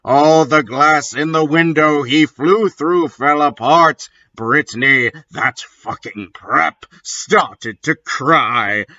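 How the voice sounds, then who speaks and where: A man giving a comedic dramatic reading in dry, deadpan narration, on a dull lo-fi recording. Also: on the high side, slow pace, few pauses. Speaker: reader.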